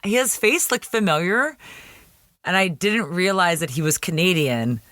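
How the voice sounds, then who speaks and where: Podcast host, chatty and wry, dry close sound. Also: male voice, sits high, expressive, measured pace, pushed and bright, no echo. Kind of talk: casual episode recap.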